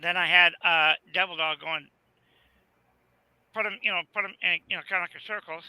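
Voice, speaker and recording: A man's voice: sits high, fairly even intonation, fairly quick, sharp tone, clean tone, dry recording, rough recording. A man from Arizona, telling rambling folksy stories in a casual video chat. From Arizona, USA. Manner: rambling storyteller, folksy, repeats "right there".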